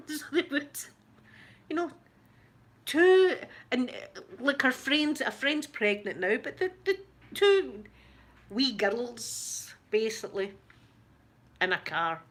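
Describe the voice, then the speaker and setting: A woman's voice: high voice, slow, pauses often. A Scottish woman chatting casually on a livestream, telling gossipy stories with a lot of laughter. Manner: animated, gossipy storytelling with lots of laughter. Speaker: ASMR YouTuber answering live chat.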